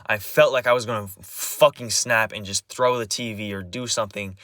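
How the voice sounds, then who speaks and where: A man's voice: fairly low pitch, steady tone, fairly quick, bright, forceful tone, dry recording, clean studio sound. A young man speaking in a personal confessional vlog, agitated and rambling, swearing often and restarting his sentences again and again.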